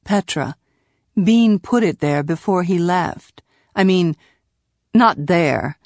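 Audiobook: woman voicing a low, hushed, gentle young man, unhurried, dry close sound. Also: no echo. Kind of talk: audiobook character voice.

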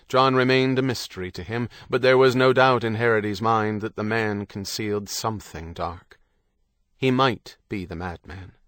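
A man reading a novel aloud as an audiobook narrator, in a measured, even way. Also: on the low side, no echo, clean studio sound. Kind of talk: scripted narration.

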